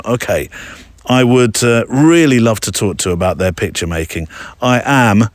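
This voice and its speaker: Low-voiced playful male podcast host. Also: moderate pace, dry recording. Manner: playful, jokey asides to the listener. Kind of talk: reading a listener's letter aloud with asides.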